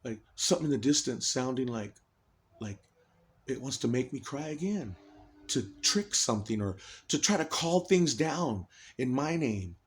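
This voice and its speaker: A man's voice: medium pitch, expressive, moderate pace, slight background noise. A man in an agitated, rambling personal monologue, swearing heavily and restarting his sentences often.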